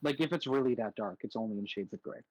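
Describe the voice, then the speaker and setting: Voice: medium pitch, fast talker, a little mellow, no room sound, dull audio. A player in a tabletop game who narrates a character's actions.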